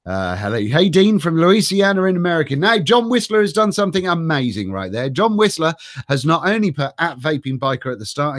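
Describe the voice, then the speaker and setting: A man's voice: fairly high pitch, no room sound, studio quality. A middle-aged man with a cold, hosting a live stream and chatting casually while reading out names from chat, swearing now and then. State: has a cold. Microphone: desk microphone.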